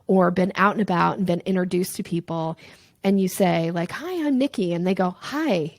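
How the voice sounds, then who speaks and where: A woman's voice: fairly low pitch, brisk, no echo. A woman, a sales coach, explaining her method in a conversational interview and acting out short examples in playful voices. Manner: animated, acts out little voices and examples.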